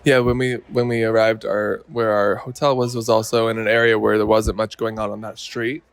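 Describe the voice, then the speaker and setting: A man's voice: on the low side, little pitch movement, a little fast, clear, resonant tone, no echo. Wry man telling stories on a podcast. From Canada. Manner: wry, laughing storytelling. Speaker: podcast co-host. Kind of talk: casual chat.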